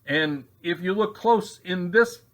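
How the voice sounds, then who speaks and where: A man narrating a mock-serious comedy exposé with deadpan delivery and rambling asides. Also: high voice, takes it slowly.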